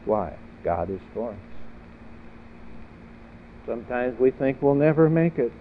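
A man's voice: medium pitch, expressive, measured pace, pauses often. A man preaching a sermon in an earnest manner, building to emphatic peaks through repeated questions. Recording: tinny phone-like audio with faint noise.

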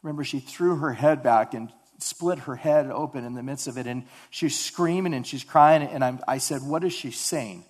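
A man giving an earnest sermon testimony about his mission work, halting and often repeating words as he speaks. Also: medium pitch.

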